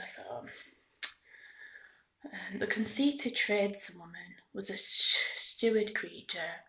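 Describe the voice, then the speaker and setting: A woman reading a storybook aloud in a soft-spoken ASMR style, often drifting into a whisper. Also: fairly low pitch, low-quality recording. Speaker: ASMR reader.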